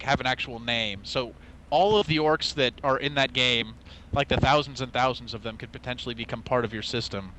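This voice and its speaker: A man's voice: medium pitch, pushed and bright, a little hiss or hum, poor audio. A young man co-hosting a casual gaming podcast, talking enthusiastically and rambling with lots of "like.". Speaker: podcast co-host. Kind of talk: casual chat.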